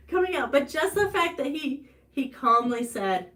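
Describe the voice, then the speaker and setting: Telling a personal story on her farm channel's live stream, a woman with an Ozark American accent chats along with fillers and restarts. She keeps a moderate pace and a fairly bright tone, and her voice climbs high when the story turns emotional.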